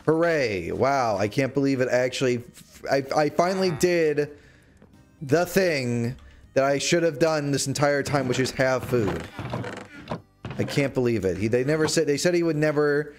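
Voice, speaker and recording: A young man livestreaming a game, chatting to his viewers in a rambling way and bursting into mock-outraged shouts. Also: medium pitch. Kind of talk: casual gaming livestream chat. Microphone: desk microphone.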